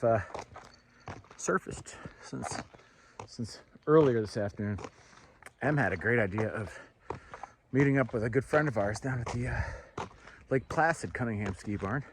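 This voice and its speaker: A man vlogging outdoors while walking his dog, rambling and thinking out loud with fillers, and slipping into high sing-song baby talk when he talks to the dog. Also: background noise. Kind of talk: casual outdoor vlog chat. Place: outdoors, walking near trees. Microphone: handheld camera.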